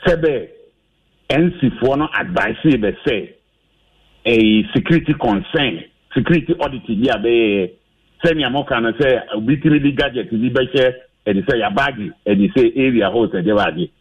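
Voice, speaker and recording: A Ghanaian man with a husky voice, giving heated radio commentary, animated and firing off rhetorical questions. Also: medium pitch, moderate pace. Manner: animated, rhetorical questions, mixing English and Twi. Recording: dull lo-fi radio audio.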